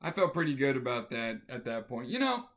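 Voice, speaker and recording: A man's voice: mid-range voice, fairly quick. A man hosting a stitching video show, telling a story casually and chuckling along the way. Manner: animated, chuckles through the story.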